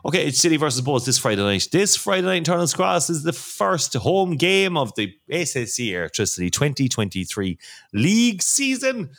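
A man's voice: a little high, big pitch swings, a little fast, vocal fry, hardly any pauses, fairly bright tone. A man hosting a casual football podcast who teases his co-hosts and jokes. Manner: teasing, jokey. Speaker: podcast host.

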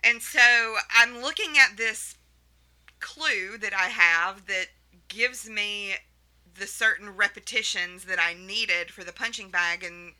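A woman's voice: medium pitch, slow, pushed and bright, low-quality recording. A woman co-hosting a podcast, telling a story in casual chat and laughing often as she goes. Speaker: podcast co-host.

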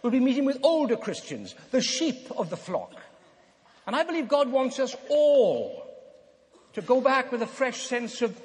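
An older male preacher delivers an earnest, emphatic, very animated sermon, slowing for dramatic pauses. His voice is high for a man, and the long reverb of a big hall surrounds it.

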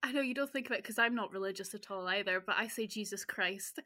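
A woman with a Scottish accent, co-hosting a casual podcast, relaxed and quick to laugh. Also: medium pitch. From Scotland. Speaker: podcast co-host.

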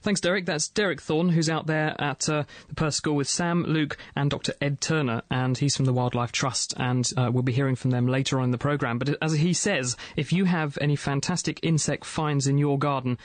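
A man with an English accent hosting a radio science show, quick and jokey as he reads out listener emails. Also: a little high, steady tone, no room sound. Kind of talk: lively radio science chat. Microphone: studio microphone.

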